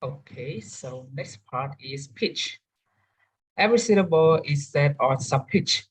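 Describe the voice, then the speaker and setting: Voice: mid-range voice, expressive, slow, husky, low-quality recording. A young adult student giving a careful class presentation, with frequent restarts. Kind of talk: class presentation on English word stress.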